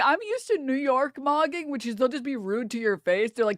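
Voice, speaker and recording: A young American woman streamer telling a story in casual chat, animated and profane, often laughing through her words. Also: high voice, brisk, hardly any pauses, dry recording, clean studio sound. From United States.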